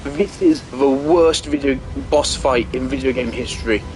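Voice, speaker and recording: A man's voice: mid-range voice, normal speed, a little mellow, slight background noise. A young man giving angry gameplay commentary, ranting and swearing heavily. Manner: furious ranting, heavy swearing. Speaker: gaming video creator.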